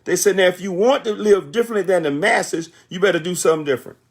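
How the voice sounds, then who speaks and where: A man's voice: high-pitched, fast talker. A man in his sixties giving a motivational talk on a conference call, emphatic and repetitive like a sermon. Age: 60s.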